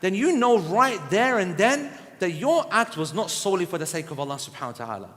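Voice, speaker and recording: A man's voice: sits high, big pitch swings, a little fast, a bit bright. A man giving a blunt, humorous, scolding religious lecture, recorded in a reverberant hall. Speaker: Islamic lecturer. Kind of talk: sermon lecture.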